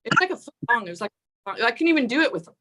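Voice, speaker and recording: A woman's voice: on the high side, sing-song, very fast, a bit bright. An older woman performing a raunchy stand-up set over a video call from home, mocking herself and laughing at her own jokes. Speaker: stand-up comic.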